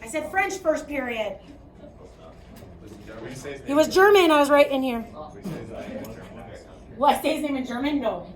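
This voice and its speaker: Animated yet a little slow, with long pauses, a high-pitched woman with a Chicago accent teaches math in a classroom lecture. She projects her voice, frequently asking "okay?", while a distant mic captures the echoey room.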